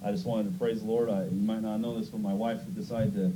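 Against a noisy background, a man pastors a church service of singing, prayer and announcements while his voice gives out. He speaks fast with a lowish, fairly even voice, folksy and conversational, his prayers building in fervor.

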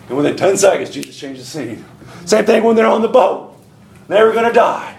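A man preaching in a church, with a high, gravelly voice and a folksy, animated delivery. The room is echoey, and the congregation answers him with amens. He keeps slipping into little acted-out voices to drive his points home. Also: a little fast, a little hiss or hum. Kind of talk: sermon. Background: congregation calling out amens.

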